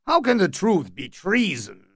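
A man's voice: high voice, wildly swooping pitch, unhurried, husky, no room sound, clean studio sound, pitched above the performer's own voice, heavily acted. A man reading an audiobook, voicing a boastful, grumbling middle-aged knight who talks indignantly. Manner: indignant, blustering.

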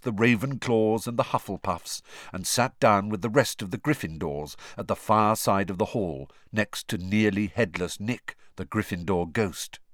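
A man reading a storybook aloud in an expressive, measured way. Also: on the low side, no room sound, studio quality. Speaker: audiobook narrator. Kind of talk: storybook narration.

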